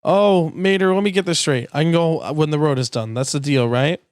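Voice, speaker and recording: A man's voice: fairly high pitch, moderate pace, clean tone, dry recording, natural voice. Guy reading as a cocky young race car, impatient, brash, dry sound.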